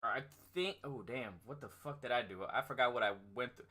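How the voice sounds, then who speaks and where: A man's voice: mid-range voice, fairly quick, bright, forceful tone. A man hosting a casual gaming chat stream, laid-back and laughing often, swearing freely. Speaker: streamer host.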